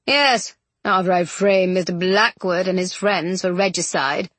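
A scheming nobleman sneers out slow, cold threats, as a woman narrator puts him on. The voice sits a little low with a husky grain. The read is close and dry. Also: a bit bright, dry recording. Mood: menacing.

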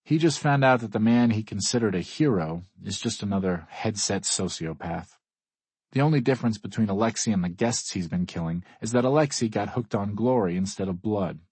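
Man, audiobook narrator, first person, wry, very deep voice, dry sound. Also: animated, fairly quick, darkish tone, husky, no echo.

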